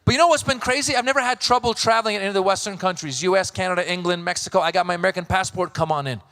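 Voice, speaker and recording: A man from Iran in his thirties doing stand-up comedy, telling animated stories and acting out voices. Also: high-pitched, very fast. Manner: animated storytelling, acts out voices.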